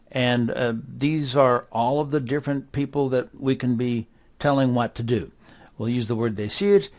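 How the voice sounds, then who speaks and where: A middle-aged man teaching a kids' class at a very unhurried pace, with a voice of ordinary pitch. He drills words one by one and repeats each one patiently. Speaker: Spanish teacher. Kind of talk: slow, deliberate classroom instruction for kids.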